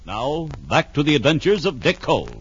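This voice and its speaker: A man's voice: fairly high pitch, big pitch swings, brisk, over music. A man announcing and narrating a radio serial, speaking emphatically and directly to young listeners. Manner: emphatic, addressing children directly. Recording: muffled old radio recording.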